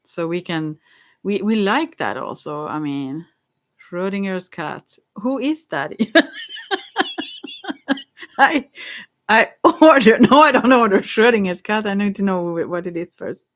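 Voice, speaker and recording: A woman's voice: mid-range voice, lively intonation, slow pace, long pauses, a bit bright. A woman rambling in a casual monologue, musing dreamily, giggling and stammering with frequent restarts.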